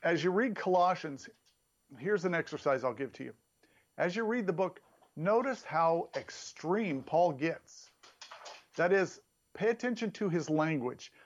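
A man preaching a sermon in an emphatic, animated way, his voice jumping up for emphasis. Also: measured pace, muffled recording. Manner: emphatic, animated preaching with sudden rises in pitch.

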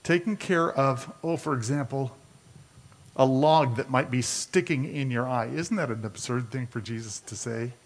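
A man's voice: mid-range voice, moderate pace. A man preaching a sermon as a pastor, talking conversationally and asking his listeners rhetorical questions.

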